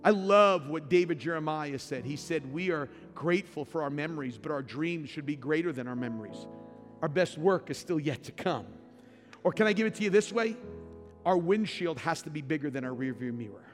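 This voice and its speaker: A man's voice: on the high side, expressive, fairly quick. A middle-aged male pastor preaching a sermon, building to emphatic, repeated lines. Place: church sanctuary. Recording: long hall reverb with faint music.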